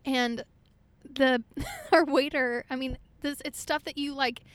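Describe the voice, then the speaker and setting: A woman's voice: sits high, takes it slowly, no echo. A young woman from Oklahoma, a singer-songwriter guest, telling stories in a casual podcast chat, chatty with lots of fillers. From Oklahoma, USA. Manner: chatty, laughs often, many fillers.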